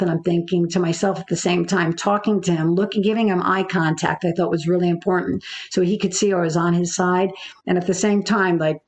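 A woman, a business coach, telling an interviewer a personal story in a halting way, full of fillers and restarts. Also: fairly low pitch, a little mellow.

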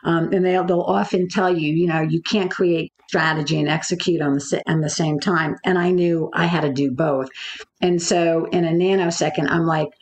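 Halting woman telling a harrowing story. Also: low-pitched, fairly even intonation. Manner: halting, many fillers and restarts. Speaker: guest, business coach. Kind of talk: personal story in an interview.

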